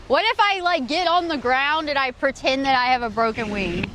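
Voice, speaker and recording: A woman's voice: sits high, normal speed, a bit bright, a little hiss or hum. A woman livestreaming outdoors on a beach by a port, chatting casually in a giggly, rambling, self-mocking way. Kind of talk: casual live stream chat.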